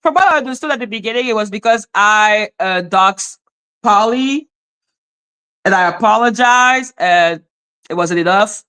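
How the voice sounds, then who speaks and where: A woman's voice: medium pitch, moderate pace, sharp tone, clean tone. A woman hosting a livestream, ranting bluntly at viewers in her chat and swearing freely. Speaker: livestream host reacting to chat. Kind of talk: casual livestream rant.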